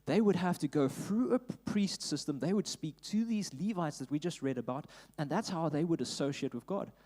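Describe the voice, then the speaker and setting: A male pastor with a South African accent preaches to his congregation, moving between quiet scripture reading and loud, lively bursts. His voice sits at an ordinary middle pitch. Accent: South African English. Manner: animated preaching, rising loud for emphasis, reads scripture aloud. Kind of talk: sermon. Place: church auditorium.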